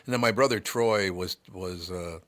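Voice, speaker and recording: An older man hosting a show, telling stories in a rambling, gruff way with many restarts. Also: sits low, moderate pace, a bit bright. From United States. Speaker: radio host. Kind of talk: casual chat.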